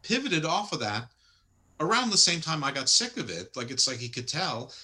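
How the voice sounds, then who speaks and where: Man, podcast co-host, casual chat, opinionated, bright tone, lively pitch. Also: moderate pace. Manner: opinionated, lively, stumbling restarts.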